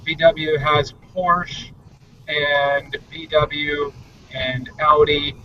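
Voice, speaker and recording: A man hosting a casual live show from inside a moving car, joking and rambling with excitement. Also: on the high side, drawn-out words. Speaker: podcast host. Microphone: mobile hotspot link from the car. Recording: dull, distant car-mic sound with road noise.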